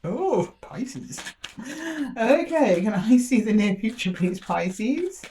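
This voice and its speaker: A woman's voice: mid-range voice, sing-song, warm tone, a little hiss or hum. A woman talks through a tarot spread to the camera. She keeps it light and chatty, laughing a lot and slipping into little voices for the universe between cards. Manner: chatty and playful, laughs often, acts out the universe in quick asides. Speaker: tarot reader. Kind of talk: casual tarot reading to camera.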